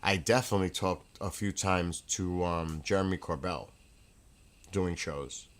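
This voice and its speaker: Lower-pitched man telling rambling stories. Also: a little slow. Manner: excitable, with laughs and restarts. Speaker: livestream host. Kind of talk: casual rambling storytelling. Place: home room with a fireplace.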